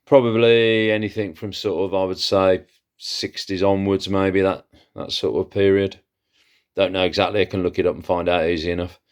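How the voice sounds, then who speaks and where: A man's voice: low voice, flat delivery, moderate pace, clean tone. Chatty man showing his antiques. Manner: chatty and enthusiastic, with frequent fillers. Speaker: antiques seller and channel host. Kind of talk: casual haul vlog, showing items.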